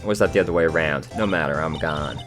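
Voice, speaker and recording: A man's voice: extremely low pitch, fast talker. A man putting on a sassy Southern gal. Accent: put-on American Southern. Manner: folksy drawl, sassy. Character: Southern woman photographer, brash and feisty. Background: video game music.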